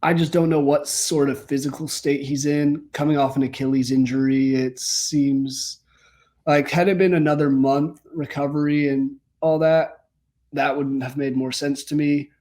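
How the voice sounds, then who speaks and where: A young adult man co-hosting a casual MMA podcast, talking in a relaxed, conversational way that trails off softly. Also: on the high side, normal speed.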